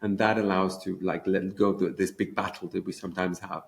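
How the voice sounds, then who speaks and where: A fast, eager man talks about a program he built, often restarting his sentences. His voice sits a little low and carries a gravelly edge. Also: little pitch movement. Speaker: education program creator. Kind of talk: conference interview chat.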